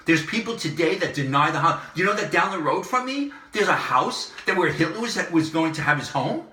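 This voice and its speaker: A man's voice: fairly high pitch, lively intonation, a little fast, recorded from a distance. Emphatic man in an echoey room. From Southern California. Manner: emphatic, repeats phrases, swings loud and soft. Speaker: online commentary host. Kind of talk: impassioned monologue to camera.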